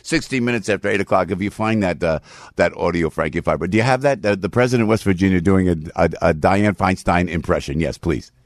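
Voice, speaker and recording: A man, hosting morning talk radio in an animated, rambling storytelling way. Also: sits low, quick pace, no room sound, clean studio sound. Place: radio studio.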